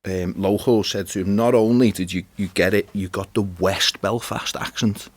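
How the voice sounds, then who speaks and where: Laid-back Scouse man, low voice. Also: steady tone, normal speed, no echo. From Liverpool, England. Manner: laid-back, swears casually, trails off. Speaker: podcast guest, spoken word performer. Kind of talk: casual chat. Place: recording studio.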